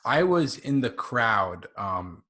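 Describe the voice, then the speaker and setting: A man's voice: mid-range voice, very animated, takes it slowly, bright, forceful tone. A young man in his twenties, a guest on a casual podcast, telling stories eagerly with lots of "like" and "um". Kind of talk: casual review chat.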